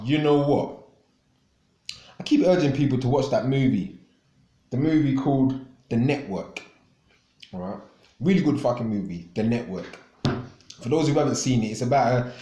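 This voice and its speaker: A man's voice: medium pitch, dark tone, echoey room. A man hosting a radio show, ranting angrily with constant swearing and repeated words. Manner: angry, profane, repetitive. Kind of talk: ranting monologue.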